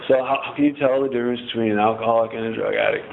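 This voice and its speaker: A man's voice: medium pitch, fairly even intonation, racing, gravelly, slight background noise. Rambling, joking man on a tinny line. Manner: rambling, profane, joking and self-mocking. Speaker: member sharing at a recovery meeting. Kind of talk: casual personal share. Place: recovery group meeting. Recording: tinny phone-like recording.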